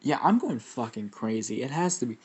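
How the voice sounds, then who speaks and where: A man's voice: medium pitch, very animated, a little fast, darkish tone, husky. A man voicing a confused, frightened young boy hero who curses as he panics. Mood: panicked.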